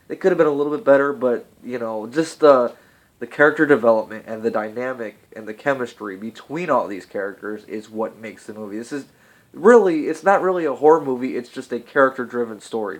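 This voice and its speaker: A man giving a casual movie review, chatty, laughing often and swearing freely. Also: medium pitch.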